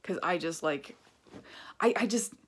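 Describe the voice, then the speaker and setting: Low-voiced woman ranting casually. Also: animated, unhurried, a little hiss or hum. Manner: chatty, ranty, heavy use of filler 'like'. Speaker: vlogger. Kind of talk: casual rambling review vlog.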